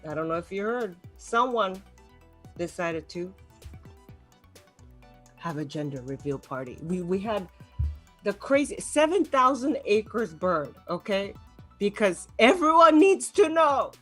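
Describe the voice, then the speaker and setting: A young adult woman delivers an online stand-up set in a lively, swooping voice. She rants with mock outrage and keeps breaking into laughter at her own jokes. Faint music plays underneath. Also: medium pitch, measured pace, long pauses. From Los Angeles. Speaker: stand-up comedian.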